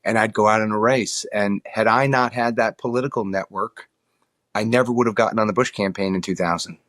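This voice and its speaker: A man's voice: lowish voice, steady tone, fairly quick, fairly bright tone, no echo. Earnest middle-aged man, dry close sound. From New York. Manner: earnest, repeats words while thinking. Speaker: guest, political consultant. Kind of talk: conversational interview.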